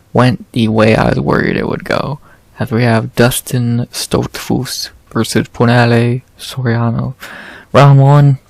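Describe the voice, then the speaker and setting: A man casually recapping fights, profane and exasperated, his frustration rising into loud rants. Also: mid-range voice, creaky, no room sound. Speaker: podcast host recapping fights.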